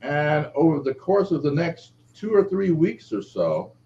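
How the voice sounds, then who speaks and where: A middle-aged man, an author being interviewed, telling a personal story and acting out the quoted voices. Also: a little slow. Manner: lively, acts out quoted speech with shifting pitch. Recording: dull lo-fi audio with faint background noise.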